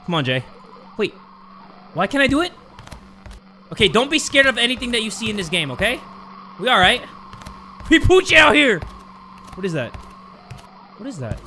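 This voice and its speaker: A man giving jumpy, joking let's-play commentary on a horror game, often breaking into loud screams. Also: sits high, big pitch swings, a little fast, pauses often, slight background noise. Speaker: gaming YouTuber.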